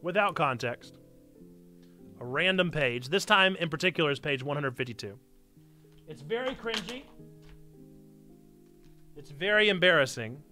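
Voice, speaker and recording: This streamer and church community host has a voice on the high side, expressive, bright, and forceful, at a normal speed with faint music behind. During his casual live stream he reads aloud, chats playfully with viewers, mocks himself, and drops chatty asides to chat.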